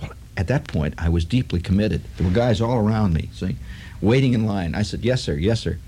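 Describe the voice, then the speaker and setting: A man telling a long personal story in a rambling, halting way, full of asides and restarts. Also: on the low side, mellow, slight background noise. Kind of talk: spoken storytelling monologue.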